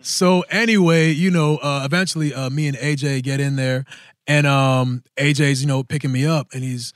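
A man in his thirties, co-hosting a podcast, telling a story in a casual, animated way and acting out the voices of people he quotes. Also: medium pitch, normal speed, clean tone, no room sound, studio quality. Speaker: podcast host.

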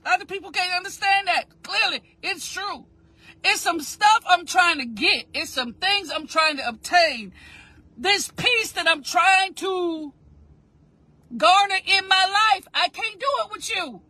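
A woman's voice: extremely high pitch, measured pace, sharp tone, no echo. A woman giving a motivational talk, repeating phrases with emphasis in a preaching cadence and asking listeners to say lines with her. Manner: addresses listeners directly and asks them to repeat. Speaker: motivational speaker.

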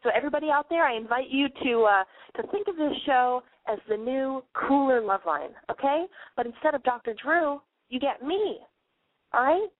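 High-voiced sick woman podcast host, brash and swearing a lot, dry tinny phone-like sound. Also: lively intonation, normal speed, no echo. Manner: brash, profane and playful. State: sick, coughing and wheezing. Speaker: podcast advice show host. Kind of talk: casual call-in show monologue. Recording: phone-like narrow band.

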